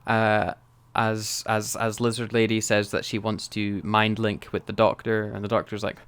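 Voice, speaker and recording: A man's voice: on the low side, level tone, moderate pace, fairly bright tone, clear, resonant tone, no room sound. A Scottish man co-hosting a podcast, chatting casually and hesitantly about a TV episode, laughing often. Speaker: podcast co-host. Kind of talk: casual chat reviewing a TV episode.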